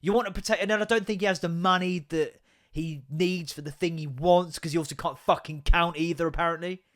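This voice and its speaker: A man's voice: fairly high pitch, fairly even intonation, fairly quick, fairly bright tone. An English man hosting a podcast, ranting casually, swearing a lot and laughing often. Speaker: podcast host. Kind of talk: casual comedic rant.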